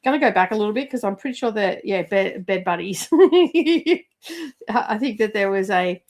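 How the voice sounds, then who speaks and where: A woman's voice: mid-range voice, animated, normal speed, darkish tone. A middle-aged woman, chatting casually as host of a livestream, rambling with lots of fillers and laughs.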